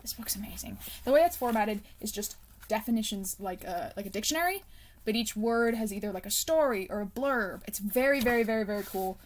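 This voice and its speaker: A woman's voice: medium pitch, animated, a little fast, a little hiss or hum. A young woman chatting casually about her favorite books, rambling with lots of ums and likes, laughing often and sometimes dropping to a self-conscious whisper. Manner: soft self-conscious asides, drifting into whispers. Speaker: book vlogger. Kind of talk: casual chat.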